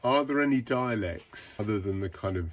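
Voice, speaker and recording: A man's voice: lowish voice, animated, brisk, lo-fi sound. A man, an artist and vlogger, talking casually to an AI assistant in a hesitant, stop-start, irritated way.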